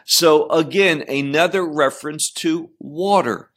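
Slow, deliberate male Bible teacher. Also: fairly high pitch, fairly bright tone. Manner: deliberate, often repeats and restarts words; explains Hebrew terms. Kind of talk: verse-by-verse scripture teaching.

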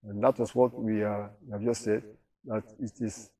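A man's voice: lowish voice, flat delivery, moderate pace, mellow, recorded from a distance. A man teaching a Bible study, reading verses aloud and explaining them with rhetorical questions.

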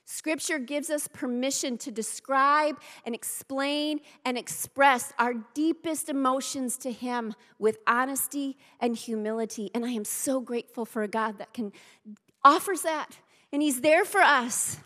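A woman's voice: sits high, unhurried, bright, forceful tone. A woman pastor preaching a sermon, emphatic, repeating key phrases and speaking straight to her congregation. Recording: long reverb of a large hall.

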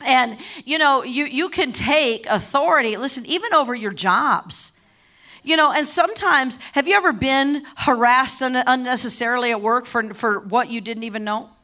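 A middle-aged woman preaching a sermon, impassioned and repeating herself often, rising to shouted declarations. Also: sits high, moderate pace. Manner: repeats and restarts words often.

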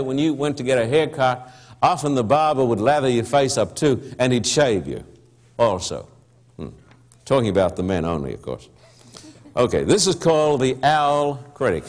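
A male pastor, giving a sermon and appealing directly to his listeners. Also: fairly high pitch.

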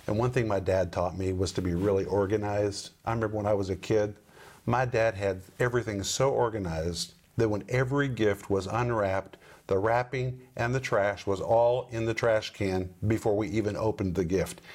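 A middle-aged man hosting a Bible-teaching program, who talks emphatically and slows down to stress key words. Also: fairly low pitch, fairly even intonation, a little mellow.

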